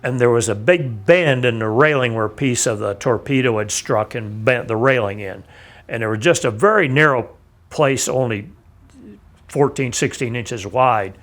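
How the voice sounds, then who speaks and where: An older man, a navy veteran, telling a vivid personal account in a measured, plain-spoken way. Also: mid-range voice. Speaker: navy veteran recounting his experience. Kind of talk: personal testimony.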